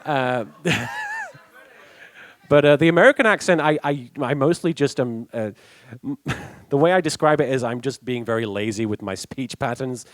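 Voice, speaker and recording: A man's voice: mid-range voice, normal speed, no echo. A young British man answering fan questions at a convention panel, chatty, laughing often and restarting his sentences. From England. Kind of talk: casual panel Q&A.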